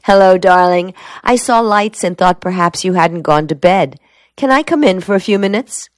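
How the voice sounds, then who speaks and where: A woman's voice: on the low side, normal speed, no echo, voice pushed up, close to an everyday voice. A woman voicing a determined young male soldier who speaks in short, clipped words. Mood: warm. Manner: terse, clipped speech. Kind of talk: audiobook dialogue reading.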